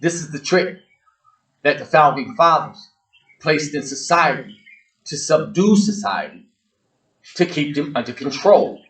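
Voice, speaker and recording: A show host with a slightly high male voice holds the floor alone. He talks bluntly and emphatically, circling back to repeat his points. He addresses his listeners directly in a preachy rant. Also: lively intonation, unhurried, pauses often, a bit bright, poor audio. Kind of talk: ranting monologue to the audience.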